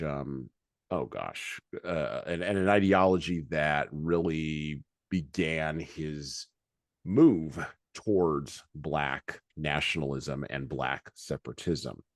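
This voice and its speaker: A man's voice: a bass voice, no room sound. A man co-hosting a podcast, reading long speech excerpts aloud between hesitant, filler-heavy asides. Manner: halting with many fillers in commentary, more forceful when quoting. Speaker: podcast co-host.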